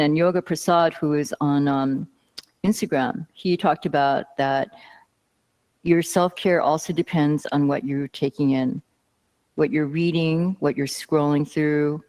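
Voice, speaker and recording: A woman's voice: on the low side, darkish tone. A woman teaching a yoga class, talking casually and telling a story with asides.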